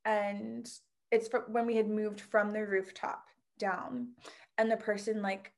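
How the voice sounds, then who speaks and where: A woman who owns a pole dance studio, chatting casually and telling stories with lively quoted voices. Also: medium pitch, a little slow. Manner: animated storyteller, quotes people with lively voices. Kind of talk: casual chat.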